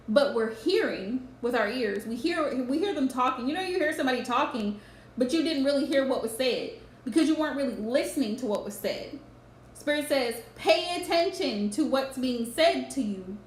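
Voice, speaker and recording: A woman giving a live-streamed tarot reading, earnestly advising viewers and often repeating her points. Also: sits high. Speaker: tarot reader. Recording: roomy echo with faint background noise.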